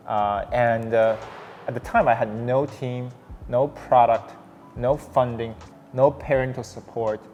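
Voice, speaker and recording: Young man telling a story in a big echoey room. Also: fairly low pitch. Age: young adult. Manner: animated, many restarts and fillers. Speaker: startup founder guest. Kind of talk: casual interview storytelling. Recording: long hall reverb, faint noise.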